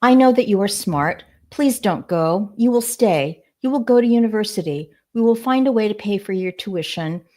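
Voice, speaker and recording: A woman reading aloud as a desperate middle-aged mother begging her daughter to stay, her pleas slowing as she goes. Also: medium pitch, lively intonation, warm tone, natural voice. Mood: pleading.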